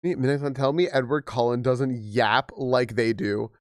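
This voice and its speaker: A young man chatting casually on a game stream, rambling and animated with frequent restarts, slightly hoarse from losing his voice. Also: medium pitch, unhurried, no room sound, studio quality. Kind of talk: casual live-stream chat.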